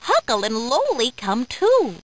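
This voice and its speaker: A woman's voice: fairly high pitch, huge pitch swings, measured pace, noisy background. A woman narrating a children's storybook, playfully acting out the characters' lines.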